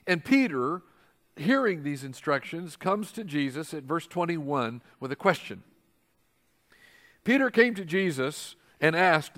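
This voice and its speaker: Male pastor, sermon delivery, a fairly high voice that swings widely, dramatic when quoting scripture. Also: takes it slowly. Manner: animated, acts out quoted voices with big jumps in pitch and volume.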